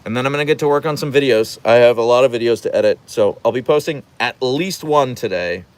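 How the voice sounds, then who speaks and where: A man's voice: mid-range voice, fast, clean tone, dry recording. A man hosting a casual livestream from home, reading out the chat and rambling playfully, slipping into voices when he retells stories.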